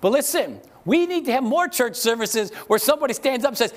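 A man pastor preaching a sermon to a congregation, asking rhetorical questions, leading call-and-response, and slowing down to read scripture with emphasis. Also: very high voice, lively intonation. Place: church service with congregation.

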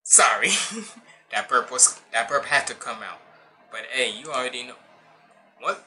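A man's voice: medium pitch, sharp tone. A man hosting a music reaction channel, talking casually in a rambling, loose way full of slang and restarts.

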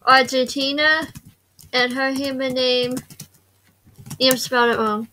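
A young woman co-hosting a casual let's-play, laid-back and a little tired, mostly short replies. Her voice is high and bright, with a crisp, clear edge. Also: fairly even intonation, takes it slowly, a little hiss or hum, rough recording. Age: young adult. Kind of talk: casual gaming chat.

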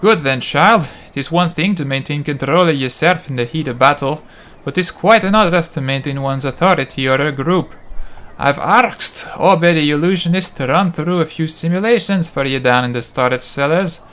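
A man voicing a gruff male combat instructor in a put-on, mock Scottish accent, brisk and instructive. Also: on the high side, a bit bright, close to an everyday voice. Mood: instructing.

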